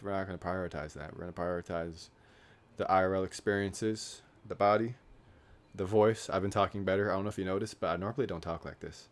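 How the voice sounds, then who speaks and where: A young man in his late teens vlogging casually, rambling and joking at his own expense. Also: sits low. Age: young adult. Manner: rambling, self-deprecating, joking. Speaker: YouTuber.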